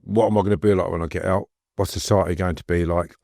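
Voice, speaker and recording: A man's voice: low voice, steady tone, fast talker, vocal fry, warm tone, no room sound, clean studio sound. A middle-aged man, a guest recounting stories in a rambling, anecdotal way. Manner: rambling, anecdotal, laughs while telling stories. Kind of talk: casual storytelling interview.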